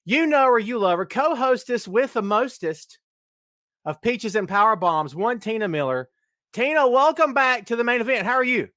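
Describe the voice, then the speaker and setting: A middle-aged man with a fairly high voice hosts a live stream, bantering and shouting out his regular viewers. He is recorded dry and close, with no room sound around him. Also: expressive, moderate pace, no echo. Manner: jokey, hyped, greeting viewers by name. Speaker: podcast host. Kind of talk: casual live-stream chat.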